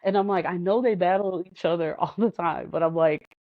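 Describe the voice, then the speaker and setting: A woman's voice: on the low side, fairly quick, dry recording. Woman guest telling fan stories, acts out the quotes, laughs a lot, dull dry lo-fi sound. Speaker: podcast guest. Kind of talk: casual storytelling chat. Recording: dull, lo-fi podcast audio.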